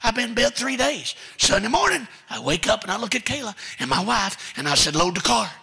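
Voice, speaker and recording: A man preaching a sermon in a church, telling stories with folksy asides and building to shouted commands. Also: sits high, big pitch swings, brisk, creaky, husky. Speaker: guest preacher. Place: church sanctuary.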